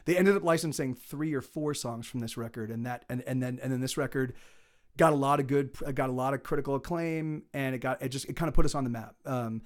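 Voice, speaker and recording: A man's voice: medium pitch, a little fast. A middle-aged male musician streaming live, chatting casually between songs and rambling with many restarts. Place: home streaming setup.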